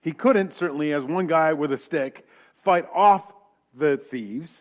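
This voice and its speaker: A man's voice: fairly high pitch, a little slow. A man preaching a casual sermon in a church, talking conversationally with joking asides and rhetorical questions. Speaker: pastor.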